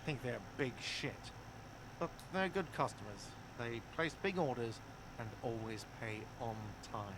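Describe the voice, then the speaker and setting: An actor playing a grumpy, sarcastic middle-aged bartender in a video game. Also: male voice, mid-range voice, animated, measured pace, background noise. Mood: gruff. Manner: sarcastic, grumbling.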